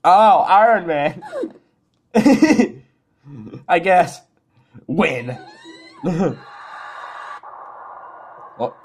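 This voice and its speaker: Slow, giggly reactor with wildly swinging pitch. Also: big pitch swings, breathy edge. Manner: laughs constantly, swears casually. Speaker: reaction video host. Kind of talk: casual commentary while watching a video. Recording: video clip music playing behind.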